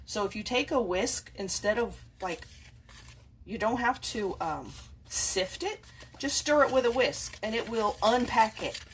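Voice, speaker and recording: A woman's voice: animated, unhurried, a little hiss or hum. A woman hosting a casual home cooking video, chatting and rambling as she bakes. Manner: rambling, talks to her cats in a high playful voice. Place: home kitchen.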